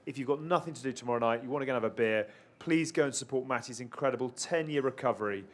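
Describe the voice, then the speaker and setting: A man hosting a rugby podcast in front of an audience, running through introductions and plugs in a brisk announcer manner. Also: medium pitch. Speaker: podcast host.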